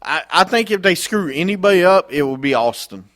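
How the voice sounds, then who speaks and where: A man's voice: high-pitched, a little fast. Male podcast co-host from North Carolina, slight Southern twang, emphatic, bouncy delivery. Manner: emphatic, lively, laughing protests. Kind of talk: casual wrestling chat.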